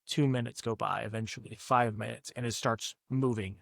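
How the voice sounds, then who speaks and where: A man's voice: mid-range voice, steady tone, normal speed, gravelly, dry recording. A man narrating as game master of a tabletop horror game, often restarting his words as he explains the scene.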